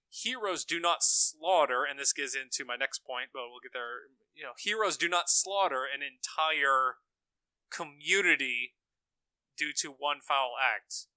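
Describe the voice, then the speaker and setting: Man, podcast co-host, very bright cutting tone, dry close sound, emphatic and opinionated. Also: mid-range voice, smooth, dry recording, poor audio. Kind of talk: casual film discussion.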